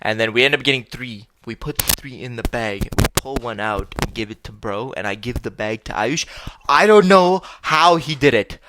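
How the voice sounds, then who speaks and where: A man's voice: fairly low pitch, steady tone, brisk, hardly any pauses, pushed and bright, a little hiss or hum. A young man hosting a podcast, telling a story in a casual, joking way and swearing offhandedly. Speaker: podcast host.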